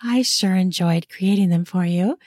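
A woman's voice: lowish voice, normal speed, a little mellow, dry recording, studio quality. A woman hosting her own podcast, signing off in a casual, effusive and giggly way, talking earnestly to her listeners. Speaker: podcast host.

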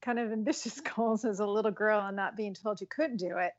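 Measured woman in her sixties, muffled line. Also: mid-range voice. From Colorado. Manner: thoughtful, measured explanations. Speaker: physician guest. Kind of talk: interview answers.

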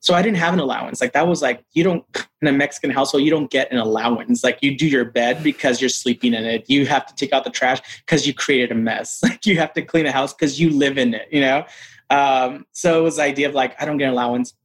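A man telling a personal story in a casual interview, acting out quoted voices with lively shifts. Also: fast talker. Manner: animated, acts out quotes in a higher voice. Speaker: interview guest.

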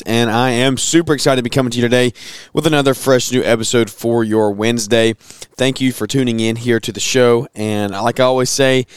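A man in his thirties hosting a podcast, talking casually with a hoarse voice and plenty of fillers and restarts. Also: medium pitch, dry recording. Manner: chatty, rambling with fillers and restarts. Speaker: podcast host.

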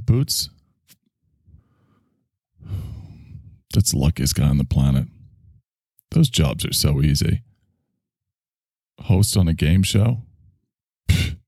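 A man hosts a casual solo chat show, rambling through sarcastic asides and heavy sighs. His low voice is gravelly and dark, with lively swings in pitch, recorded close and dry. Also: no echo. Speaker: host.

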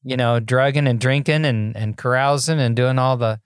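A man's voice: medium pitch, steady tone, moderate pace, clean tone, no echo, clean studio sound. Folksy older man telling his story. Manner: folksy, self-deprecating, repeats words when starting. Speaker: podcast guest. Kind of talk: casual interview storytelling.

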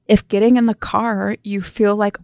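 A woman's voice: mid-range voice, little pitch movement, normal speed, darkish tone, no echo, clean studio sound. A woman co-hosting a podcast in casual chat, retelling stories with quoted dialogue. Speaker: podcast co-host.

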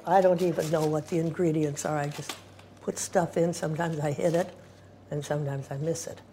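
A woman's voice: deep voice, fairly even intonation, brisk, dark tone. An older woman near ninety talking casually and wryly about cooking and her age. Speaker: interviewee. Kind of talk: casual conversation.

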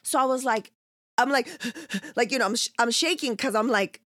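A woman's voice: a little high, normal speed, no echo. A woman telling a story in casual chat, swearing freely and acting out what others said. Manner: animated, profane, acts out quotes.

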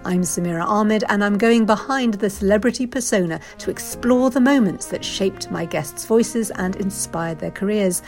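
A woman podcast host narrating a scripted trailer in a measured, inviting way. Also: mid-range voice, darkish tone. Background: faint music.

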